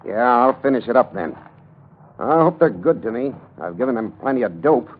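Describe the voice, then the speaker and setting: A man's voice: medium pitch, expressive, normal speed, lightly acted. A man playing a cocky gangster informant. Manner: cocky, boastful, laughing it off. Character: cocky young male gangster turned informant. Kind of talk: 1930s radio drama acting. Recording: narrow lo-fi old radio recording with faint hiss.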